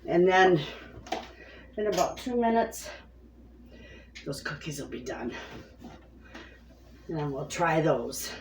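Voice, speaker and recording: A woman's voice: low-pitched, lively intonation, takes it slowly, long pauses, reverberant, a little hiss or hum. A woman hosting a homestead baking vlog, chatting casually and talking straight to her viewers from her kitchen. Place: home kitchen.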